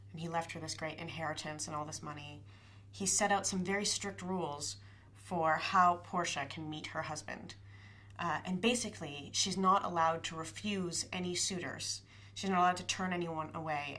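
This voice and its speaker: A young woman with a slightly low voice tells a story in a loose, conversational way. She leans on fillers and rattles off quick paraphrased lines from the characters. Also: a bit bright. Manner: chatty, with frequent fillers and quick paraphrased quotes. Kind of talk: casual play retelling.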